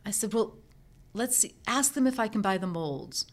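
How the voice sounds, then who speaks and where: Speaking at a moderate pace with a medium-pitched voice, this middle-aged guest recounts how she went from professional organizer to entrepreneur. She keeps it casual on the interview show, playing out remembered dialogue with lively energy.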